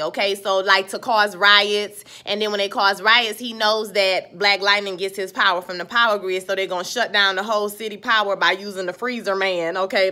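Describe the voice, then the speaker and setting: A woman's voice: mid-range voice, pushed and bright. A woman giving a sassy, slangy, casual recap of a TV episode, talking straight to her viewers.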